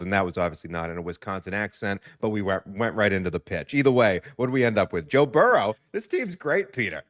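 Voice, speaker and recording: Low-voiced rambling man in his thirties. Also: expressive, fast, hardly any pauses, fairly bright tone, no room sound, clean studio sound. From US East Coast. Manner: rambling, self-deprecating, storytelling. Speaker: guest. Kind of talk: casual podcast banter.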